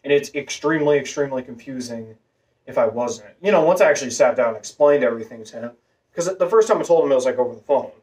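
A vlogger with a masculine voice telling a long personal story in a rambling way, full of fillers and restarts. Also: male voice, mid-range voice, animated, quick pace, a little mellow. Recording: voice a bit far from the mic.

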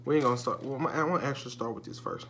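A man's voice: mid-range voice, racing, a bit bright, slight background noise. Hyped young guy on a food vlog. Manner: loose, chatty slang, hyped. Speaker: YouTuber doing a food review. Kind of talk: casual mukbang vlog.

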